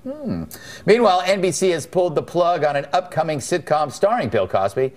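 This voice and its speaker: A man's voice: a little high, sing-song. A man hosting a late-night panel talk show, joking sardonically at his panelists. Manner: wry, sardonic, quick jokes at panelists.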